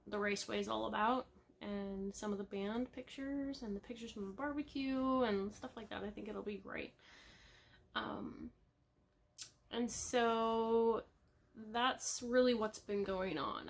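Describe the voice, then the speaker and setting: A young woman chatting to her viewers in a loose, rambling way, full of ums and little laughs. Her pitch sits in an ordinary middle range, and she talks with a soft, personal, slightly emotional tone. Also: a little hiss or hum. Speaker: cross-stitch vlogger. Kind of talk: casual chat to camera.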